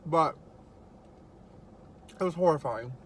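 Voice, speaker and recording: A man's voice: on the high side, takes it slowly, fairly bright tone, a little hiss or hum. A young man vlogging casually as he eats, telling stories in a chatty way with lots of fillers. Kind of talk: casual mukbang chat.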